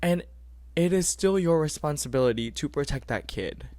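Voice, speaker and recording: A young man hosting a podcast, giving earnest, animated advice in casual talk and repeating phrases for emphasis. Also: a little high, moderate pace, dry recording. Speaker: podcast host.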